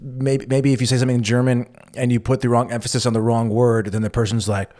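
A man's voice: mid-range voice, fairly even intonation, fast talker, hardly any pauses, darkish tone. A man chatting casually, easygoing and hesitant, often repeating words. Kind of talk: casual chat.

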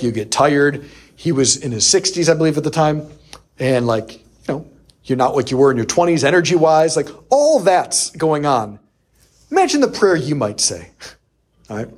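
A man preaching a sermon, telling a personal story with lively acted-out quotes. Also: a little high, husky. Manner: animated storyteller who acts out quoted voices. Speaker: priest.

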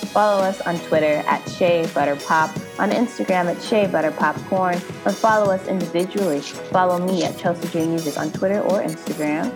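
A woman's voice: fairly low pitch, fairly quick, few pauses, over music. A woman co-hosting a film podcast, chatting playfully and wrapping up the episode. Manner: playful, chatty, wraps up the show. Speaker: podcast co-host. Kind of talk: casual film podcast chat.

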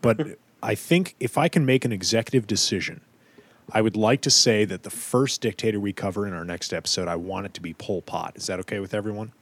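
A man's voice: on the low side, fairly quick. A man hosting a podcast in casual group chat, easygoing with hesitant, searching phrasing. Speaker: podcast host.

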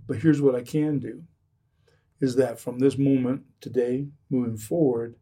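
A man's voice: mid-range voice, steady tone, a little slow, mellow, recorded from a distance. A man who speaks about recovering from addiction, talking earnestly in a podcast conversation, often restarting and repeating his phrases.

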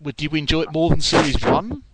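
A man's voice: on the high side, fast, a loud crowd, low-quality recording. A man co-hosting a casual podcast, talking hesitantly with stammering restarts. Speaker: podcast co-host. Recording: loud background hiss.

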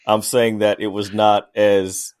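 Brief: lower-voiced male podcast co-host, emphatic, laughs while arguing. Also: little pitch movement, slow, darkish tone, clear, resonant tone. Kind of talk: casual debate chat.

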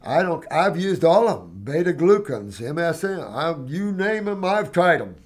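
A man's voice: fairly high pitch, sing-song, moderate pace. A man hosting a question-and-answer show, talking in a blunt, emphatic, folksy way as he answers viewers. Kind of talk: casual Q&A monologue.

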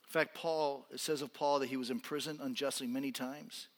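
A man preaching a sermon as a pastor in a church, swinging from intense, almost shouted appeals down to quiet, soft-spoken lines. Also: mid-range voice, steady tone, fairly quick, in a large hall. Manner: impassioned, rising to near-shouting then dropping quiet. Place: church sanctuary.

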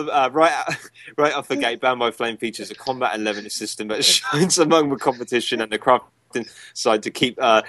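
A young man hosts a casual podcast chat. His voice sits on the low side and sounds dry and close, with no room around it. He rambles loosely and chuckles while reading reviews aloud. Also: a bit bright, no room sound. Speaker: podcast host.

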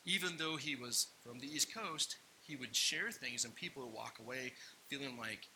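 Bright-voiced man telling a story. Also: mid-range voice, moderate pace, a little hiss or hum, rough recording. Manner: animated personal storytelling, acts out quotes. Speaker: pastor. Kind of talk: sermon storytelling.

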